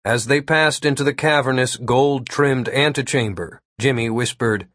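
A man reading an audiobook as narrator, with a steady storytelling delivery. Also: medium pitch, normal speed, few pauses, no room sound, studio quality. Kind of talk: scripted narration.

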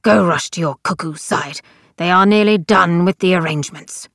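A woman reading an audiobook and voicing a stern old male marshal who croaks out solemn, scolding speech. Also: lowish voice, moderate pace, fairly bright tone, dry recording, clean studio sound. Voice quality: croaking, gravelly.

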